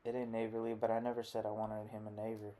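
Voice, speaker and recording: A man reading the part of a rough, bitter rural father, with gruff, blunt folksy talk. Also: fairly low pitch, completely flat delivery, quick pace, mellow, lightly acted. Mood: grudging.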